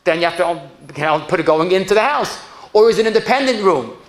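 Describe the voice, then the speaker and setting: A rabbi teaches lively emphasis, firing off questions and answering them himself. His voice sits high for a man. The room around him rings echo. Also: fast talker, slight background noise. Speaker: rabbi teaching a halacha class. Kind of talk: animated Torah lecture.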